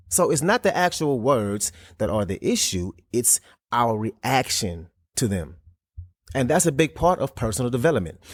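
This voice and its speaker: A man hosting a solo motivational podcast, talking in an earnest, casual way with emphatic jumps in pitch. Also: no room sound, clean studio sound. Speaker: podcast host.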